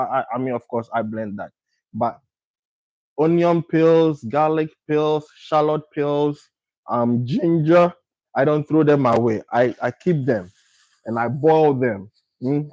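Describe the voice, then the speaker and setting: Slow, repetitive man cooking. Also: mid-range voice, a little mellow, dry recording, poor audio. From Ghana. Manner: repetitive, unhurried, talks while working. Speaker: cooking vlogger. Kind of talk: casual cooking talk.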